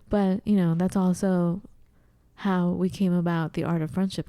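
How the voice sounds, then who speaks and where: Woman podcast co-host, dry close sound, lively casual talker. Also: lowish voice, normal speed, no echo. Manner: animated, acts out her own confused voice. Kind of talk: casual chat. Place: at home.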